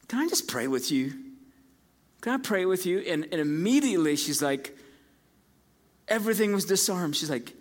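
Preaching pastor in a reverberant hall. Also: male voice, sits high. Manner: storytelling preacher, rising to loud emphatic peaks. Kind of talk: sermon. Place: church sanctuary. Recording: long church hall reverb.

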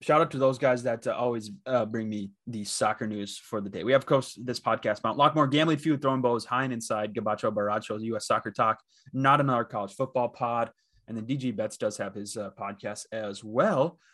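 A man's voice: medium pitch, fairly quick, fairly bright tone. A man from the Dakotas hosting a sports betting podcast alone, talking casually and rambling with lots of fillers and restarts. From Midwest, the Dakotas. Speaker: podcast host.

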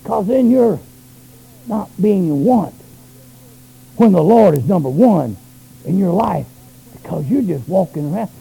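A pastor preaching a sermon, swinging between loud shouted runs and quiet low asides. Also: male voice, expressive, measured pace, creaky, long pauses, breathy edge, rough recording.

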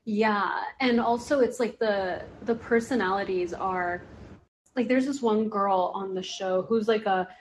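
A woman's voice: medium pitch, measured pace, a little hiss or hum. Rambling woman in casual podcast chat. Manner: rambling, heavy use of "like". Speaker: podcast guest or host.

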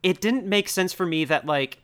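Young man, casual podcast co-host, higher pitched, rambling with fillers. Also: lively intonation, moderate pace, fairly bright tone, clear, resonant tone. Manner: rambling, frequent "like" fillers, laughs easily. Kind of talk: casual film discussion.

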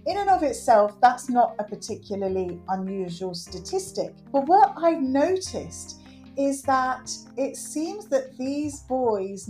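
Earnest woman, mellow voice. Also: medium pitch. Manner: earnest, animated, acts out quotes. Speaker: guest, works with children. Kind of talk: conversational interview.

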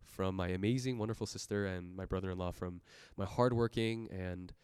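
Young man, low voice, smooth and clear, earnest sermon testimony, laughs often, dry sound. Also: steady tone, fairly quick, darkish tone, no echo. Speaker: church speaker giving a testimony.

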